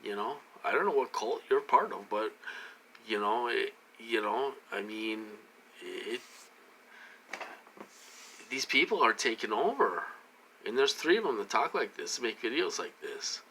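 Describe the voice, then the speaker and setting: A man rambling in a repetitive monologue to camera, full of restarts, slightly tipsy from a drink, swinging from loud outbursts to low muttering. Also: expressive, measured pace, pauses often, a little hiss or hum. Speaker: vlogger.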